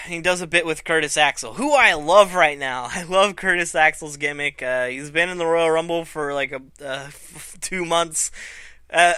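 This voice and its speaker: A man reviewing wrestling in a loose, profane ramble, acting out the action as he goes. His voice is high for a man and very bright, with an unhurried delivery. The mic is close and dry, with no room sound. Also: smooth, dry recording. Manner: profane, animated storytelling. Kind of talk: casual commentary.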